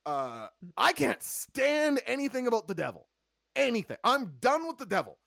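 A man's voice: very high-pitched, huge pitch swings, moderate pace, vocal fry, fairly bright tone, no echo, clean studio sound. A man hosting a casual podcast, reviewing wrestling with sarcasm and acting out quotes in funny voices. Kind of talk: casual chat.

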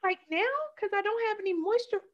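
A woman's voice: very high-pitched, dull audio. A woman playing a gushing, teary partner. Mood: flustered. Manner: gushing, quick to tears and self-justifying. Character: emotional, touchy woman on a romantic outing. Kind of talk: improvised comedy scene.

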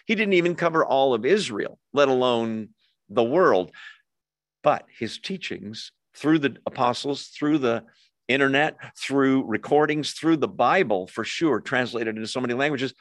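A man's voice: mid-range voice, expressive, a little slow, no room sound, studio quality. A man leading a Bible study, teaching verse by verse in a conversational way, with frequent asides and self-corrections.

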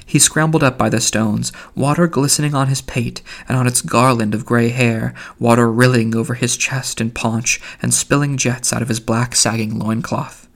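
A man reading a literary novel aloud as an audiobook narrator, in a measured, even delivery. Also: medium pitch, gravelly.

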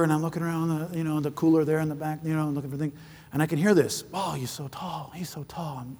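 A man preaching a sermon, animated and storytelling, acting out the voices of others and rising to shouts at high points. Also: long reverb tail. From foreign-born, living in southern China. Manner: animated, acts out quoted voices, shouts at peaks; rambling, with frequent restarts in anecdotes.

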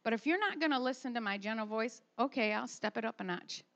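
A woman voicing God in a sermon as a patient, fatherly figure speaking softly and coaxingly, lower than her own voice. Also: lively intonation, fast talker, highs cut off. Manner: soft, coaxing, then warning.

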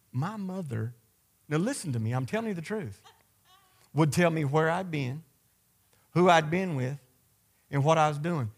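A pastor delivering a sermon, his voice sitting a little higher than most men's. He talks to the congregation in a conversational way and calls out to them directly. He drives his points home with emphasis. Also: lively intonation, moderate pace, long pauses, fairly bright tone.

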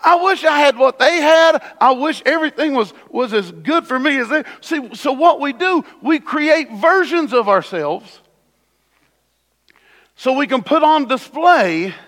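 A man's voice: very high voice, lively intonation, measured pace, a bit bright. A man preaching a sermon as pastor in a church, conversational with sudden emphatic bursts. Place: church sanctuary. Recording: long hall reverb.

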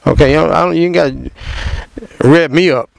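A man's voice: on the high side, brisk, vocal fry, no echo, poor audio. A man giving impassioned commentary in an emphatic, preachy way, firing rhetorical questions at the listener and repeating words as he gets going. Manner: repeats words when fired up.

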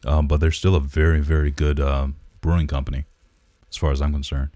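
A man's voice: a bass voice, level tone, fairly quick, warm tone, no room sound. A man co-hosting a podcast, chatting in a laid-back, rambling way with lots of fillers, recorded close on the mic. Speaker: podcast co-host. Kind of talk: casual chat.

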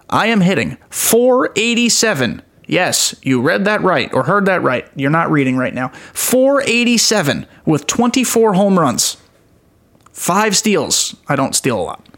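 A man's voice: high-pitched, big pitch swings, measured pace, a bit bright. A young man hosting a casual gaming podcast, rambling and enthusiastic, poking fun at himself as he goes. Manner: rambling, self-mocking, enthusiastic. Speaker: podcast host.

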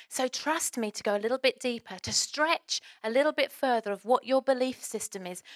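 A woman's voice: on the high side, fairly bright tone, dry recording, studio quality. A woman preaching a sermon as a pastor, earnest and exhorting, firing off rhetorical questions.

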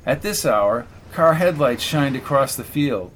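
A man narrating a novel in a steady, measured reading voice. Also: medium pitch, slight background noise. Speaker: audiobook narrator. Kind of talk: scripted narration.

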